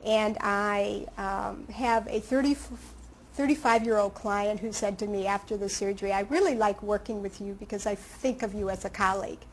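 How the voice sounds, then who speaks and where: A woman in her late fifties, a surgery patient, talking casually in an interview with halting restarts. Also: medium pitch, fairly even intonation, a little hiss or hum, poor audio. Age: late 50s. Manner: conversational, hesitant restarts and fillers.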